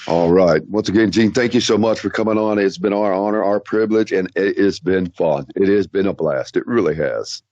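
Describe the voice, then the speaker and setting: A man's voice: sits low, a little fast, hardly any pauses, darkish tone, no echo, lo-fi sound. A man with a Southern Texan accent co-hosting a radio show in a folksy, effusive way. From Texas. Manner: folksy and effusive, calls people sweetheart and darling. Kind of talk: casual talk radio chat.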